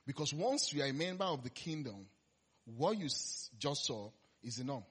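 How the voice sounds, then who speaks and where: Husky-voiced man preaching a sermon. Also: medium pitch, very animated, normal speed, fairly bright tone.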